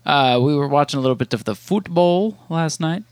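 A man's voice: fairly high pitch, animated, fairly quick, dry recording. A man co-hosting a podcast in casual chat, teasing and joking with his co-host.

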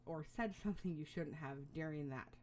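Low-voiced chatty middle-aged woman. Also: fairly quick, darkish tone, slight background noise. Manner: rambling, chatty, with frequent fillers and little laughs. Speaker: parenting advice host. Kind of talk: casual advice monologue.

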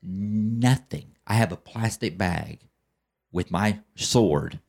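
A man's voice: on the low side, slow pace, creaky, a little mellow, slightly rough. A man telling his recovery story as a podcast guest, in a fervent, preacher-like way that keeps checking in with "okay?" and "right?". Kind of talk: testimonial storytelling.

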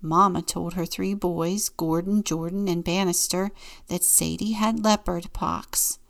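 Brief: woman deacon, storybook read-aloud, slow and gentle, some vocal fry. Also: lowish voice, fairly even intonation. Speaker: deacon reading a children's book.

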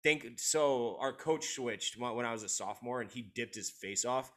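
A man's voice: mid-range voice, normal speed, a bit bright. A man who played college baseball, chatting candidly and a bit ramblingly, with some swearing. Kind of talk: casual chat.

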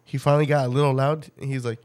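A man hosting a podcast, telling a story in a loose, profane, animated way and often breaking into laughter. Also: mid-range voice, racing. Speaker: podcast host. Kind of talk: casual storytelling chat.

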